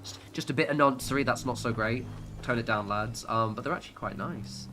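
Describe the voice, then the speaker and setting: A man's voice: mid-range voice, a little fast, noisy background. A British man chatting casually while livestreaming a game, rambling and sweary, with lots of fillers and restarts. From United Kingdom. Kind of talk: casual gaming livestream chat.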